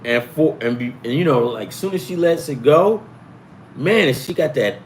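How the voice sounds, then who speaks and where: A middle-aged man rambles through stories in a loose, swearing, conversational way, his pitch swinging widely as he mimics the people in them. His voice sits at an ordinary middle pitch, and a faint room ambience hums behind him. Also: moderate pace, a little hiss or hum. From US East Coast. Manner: profane, animated, acts out quoted voices. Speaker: sports betting show host. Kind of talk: rambling casual storytelling. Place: home in California.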